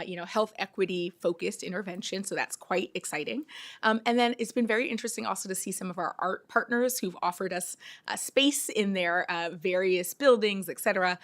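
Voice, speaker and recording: Testifying before a council hearing, a city health official speaks earnestly and deliberately, her voice on the low side and her speech dotted with ums.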